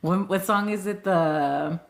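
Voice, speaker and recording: Giggly, slow-talking woman host. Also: on the low side, creaky. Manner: giggly and teasing, laughs constantly; bawdy joking banter. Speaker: livestream host. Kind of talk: casual live chat with viewers.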